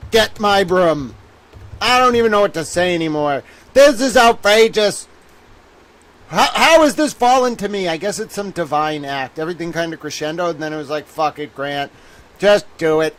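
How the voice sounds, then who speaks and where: A man with a high-pitched voice hosts a solo livestream, ranting in a theatrical, exasperated way. He swears freely and says the same thing over and over. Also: fairly bright tone. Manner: exasperated, theatrical, swears often, repeats himself. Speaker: livestream legal commentator.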